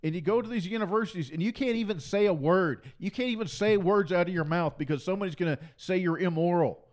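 Heated guy preaching, high pitched, keeps repeating himself, mocking tone. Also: fast talker, darkish tone. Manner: fiery, repetitive, mocking. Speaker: Christian preacher and commentator. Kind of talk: impassioned preaching monologue.

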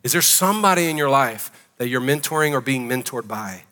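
A man's voice: medium pitch, expressive, fairly quick, sharp tone, long reverb tail. A man preaching a sermon as pastor, emphatic and conversational, asking the congregation questions. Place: church sanctuary.

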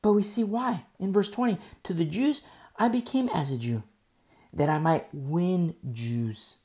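A woman's voice: on the low side, a little slow, warm tone. A woman preacher giving a verse-by-verse Bible teaching. She is emphatic and rhetorical, repeats key phrases and keeps asking "You see?".

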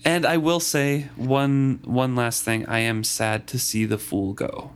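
A man co-hosts a book podcast in casual chat. He speaks in a measured, analytical way and often restarts his sentences as he searches for words. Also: mid-range voice, fairly even intonation, smooth. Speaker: podcast co-host.

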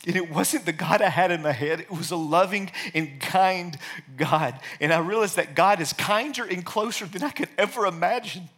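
A man with a slightly high, bright, forceful voice tells a personal testimony. He speaks earnestly and with feeling, sometimes falling to a hushed near-whisper and often restarting his sentences. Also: normal speed. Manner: earnest, emotional storytelling with restarts; hushed, soft-spoken in quiet passages.

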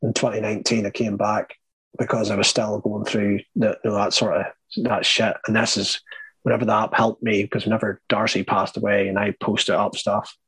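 A young man with an Irish accent, telling his own story as an interview guest, earnest and halting, often starting his sentences over. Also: lowish voice, little pitch movement, a bit bright, husky, dry recording, rough recording. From Ireland. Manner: earnest, halting, with many restarts.

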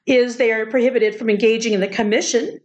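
A woman's voice: a little high, fairly even intonation, quick pace, a little mellow, muffled recording. A woman co-hosting a podcast in casual chat, dry and joking, laughing easily. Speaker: podcast co-host.

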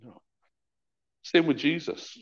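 A man's voice: takes it slowly, muffled recording. A middle-aged man, a pastor, preaching a conversational sermon and acting out the voices in his stories. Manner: lively, conversational preaching with acted-out quotes.

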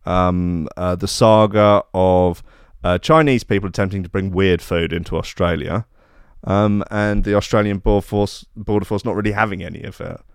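A young man giving sarcastic comic commentary with deadpan mock outrage and many fillers. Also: deep voice, normal speed, clean tone, no room sound, studio quality. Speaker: comedy podcast host.

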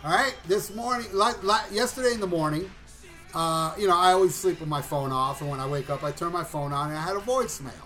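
Animated, foul-mouthed man telling a story. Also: a little high, fast, faint music behind. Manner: animated, profane, acts out voices and shouts at punchlines. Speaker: podcast co-host. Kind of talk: casual storytelling chat.

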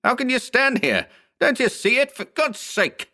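A man voicing a panicked middle-aged male TV shop owner who pleads and shouts frantically in a storybook reading. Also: fairly low pitch, expressive, unhurried. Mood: frantic shouting.

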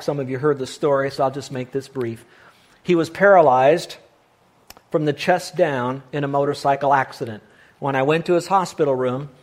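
A man preaching a sermon as pastor, emphatic and slowing down to stress the verses he quotes. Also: mid-range voice.

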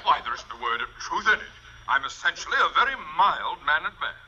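A pompous, blustering principal. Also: male voice, fairly high pitch, very animated, brisk, bright, forceful tone, exaggerated voice. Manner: bombastic, easily outraged. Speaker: high school principal. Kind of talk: 1950s radio sitcom acting. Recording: dull old radio broadcast with hiss.

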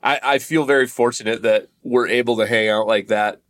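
A man's voice: medium pitch, fairly even intonation, a little fast, a bit bright. A man chatting casually as a podcast guest, laid-back and laughing often. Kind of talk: casual chat. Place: on a train.

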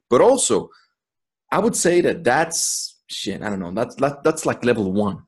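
Husky profane man in casual chat. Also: mid-range voice, very animated, unhurried. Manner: profane, emphatic, laughs often. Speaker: podcast co-host.

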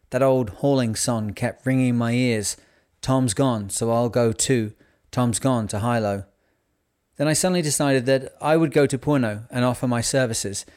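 A man narrating a novel in a measured, unhurried reading voice. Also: mid-range voice, darkish tone. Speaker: audiobook narrator. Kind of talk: scripted narration.

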